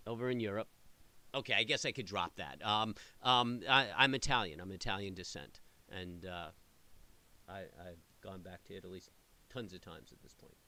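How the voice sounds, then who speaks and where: A middle-aged man hosts a trading stream, chatting casually and ramblingly with live viewers, full of fillers and restarts. His voice sits low, with a sharp tone and a moderate pace.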